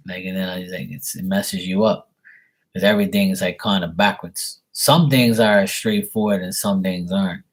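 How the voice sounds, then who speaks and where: Rambling man, husky low voice, swears casually, repeats himself, livestream chat. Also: fairly even intonation, moderate pace. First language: Portuguese spoken at home. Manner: rambling, profane, repeats words. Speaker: live tarot reader.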